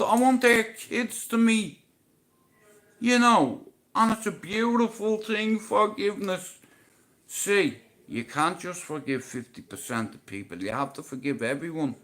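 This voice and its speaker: This man, hosting a livestream, speaks a little slowly and expressively as he recounts a personal story. He gets emotional, curses a lot, and swings from low to loud.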